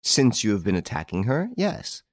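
Renine, a man reading a calm gentleman. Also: lowish voice, moderate pace, no room sound, clean studio sound. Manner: calm, gently insinuating, quietly assured. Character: calm, composed gentleman taking charge. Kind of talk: audiobook character reading.

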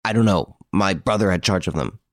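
A man's voice: low voice, brisk, no echo, clean studio sound, lightly acted. A man voicing a cornered blackmailer who answers in sullen, grudging words. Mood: defiant.

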